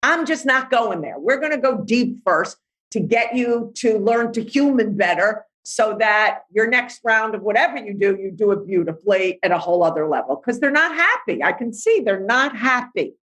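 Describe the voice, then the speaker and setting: Blunt, animated woman life coach. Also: on the high side, moderate pace, low-quality recording. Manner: blunt, animated, acts out inner voices. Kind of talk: podcast interview.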